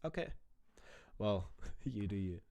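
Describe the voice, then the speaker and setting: A man's voice: lowish voice, animated, takes it slowly, vocal fry, a little mellow. A man casually reacting to a video clip, chatting and swearing freely as he talks to his viewers.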